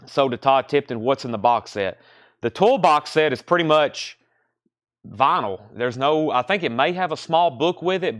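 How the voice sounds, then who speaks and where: A man runs a live record sale, rattling off titles and prices while answering comments. His voice is smooth and resonant at a middle pitch. The sound is dry and close, with no room around it. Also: a bit bright, dry recording. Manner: fast, running price calls and reading comments. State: out of breath. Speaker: record store host selling live. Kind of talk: live sales stream chat.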